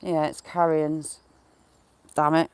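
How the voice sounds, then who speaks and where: Backyard chicken keeper rambling slowly outside, chats to the hens and viewers, birds and clucking around. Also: medium pitch, little pitch movement, clear, resonant tone, dry recording. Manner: chatty, talks to the animals and viewers, mild swearing. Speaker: smallholder live-streaming to viewers. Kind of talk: casual live-stream chat while doing yard chores. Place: outdoors in a yard by a field.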